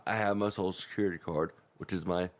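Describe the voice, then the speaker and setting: A man's voice: low-pitched, fairly even intonation, quick pace. A man co-hosting a casual talk show, chiming in with short, laid-back agreements. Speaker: podcast co-host. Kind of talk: casual chat.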